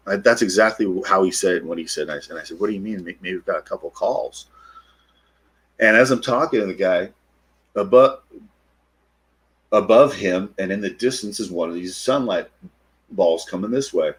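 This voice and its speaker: A middle-aged man, a podcast guest, retelling a personal encounter in an animated way and acting out the quotes. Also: low voice, fairly quick, slightly rough. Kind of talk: storytelling interview.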